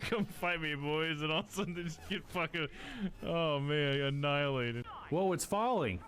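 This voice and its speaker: A man's voice: on the high side, normal speed, a bit bright. A man live streaming a game, chatting casually with viewers, often swearing and laughing.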